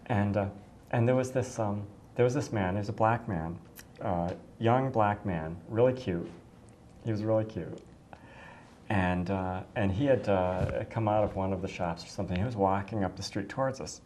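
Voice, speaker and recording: A woman's voice: extremely low pitch, moderate pace, mellow, slight background noise. A middle-aged woman from the United States casually telling a personal story, effusive and rambling, with many restarts and fillers.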